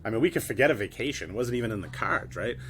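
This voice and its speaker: A man's voice: medium pitch, animated, rapid-fire, fairly bright tone, slight background noise. A middle-aged man giving a motivational talk, telling his own story bluntly, swearing and tagging points with "right?". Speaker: keynote speaker.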